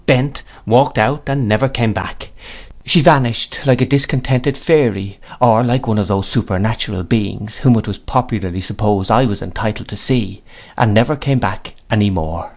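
A man reading a classic novel aloud in a measured, deliberate narration. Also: medium pitch. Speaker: audiobook reader.

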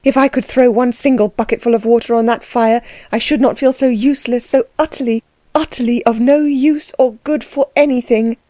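A woman's voice: on the high side, steady tone, moderate pace, mellow, no room sound, pitched above the performer's own voice, lightly acted. A woman voicing a frantic, impulsive young woman with an urgent, pleading delivery.

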